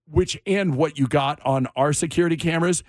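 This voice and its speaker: A man's voice: fairly high pitch, brisk, no echo, studio quality. A middle-aged man hosting a morning radio show, telling a story with lots of acted-out quotes and running a caller survey. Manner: animated storyteller acting out quotes. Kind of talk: casual radio banter and storytelling.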